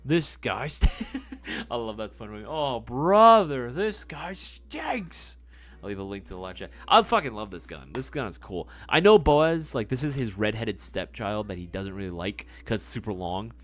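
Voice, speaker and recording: Animated man hosting a live stream. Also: medium pitch. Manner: animated, swearing, playful. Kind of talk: casual live-stream sales chat.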